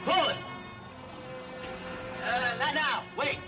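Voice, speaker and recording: An actor playing a stern father who gives curt, commanding orders, heard from afar on an old film soundtrack with loud music. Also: very high-pitched, takes it slowly, distant mic. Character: stern older father leading an escape.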